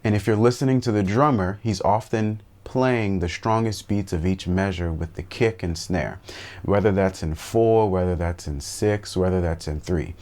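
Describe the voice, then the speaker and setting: A man's voice: low-pitched, moderate pace, darkish tone. A man teaching a piano lesson for worship musicians, explaining steps and counting beats aloud as he plays, talking straight to viewers in a friendly way. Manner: friendly direct address to viewers. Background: piano playing.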